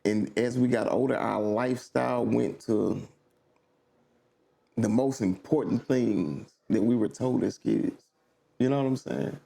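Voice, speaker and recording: A man from Baton Rouge, a podcast guest telling stories with animated southern slang in casual conversation. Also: mid-range voice, a little slow, vocal fry. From Baton Rouge, Louisiana.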